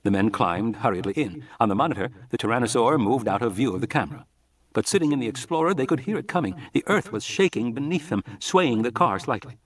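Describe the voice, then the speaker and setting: A man's voice: medium pitch, animated, fast talker, recorded from a distance. A man narrating a novel as an audiobook reader, telling the story expressively. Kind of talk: scripted narration.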